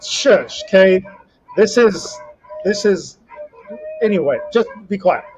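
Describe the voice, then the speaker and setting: A young man on a podcast, casually telling a rambling, animated story about a competition. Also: high voice, slow pace, breathy edge. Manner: rambling, animated storytelling with self-talk asides. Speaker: podcast co-host and Highland Games athlete. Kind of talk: casual chat. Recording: slightly dull lo-fi audio.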